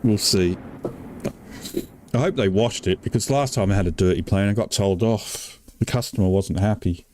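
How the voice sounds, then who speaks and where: An older man with an Australian accent speaks in a low, relaxed voice as he plays a flight sim. He banters, teases and laughs easily. A faint hiss of background noise sits under the recording. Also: moderate pace. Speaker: gaming channel host. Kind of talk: casual chat while playing a flight sim.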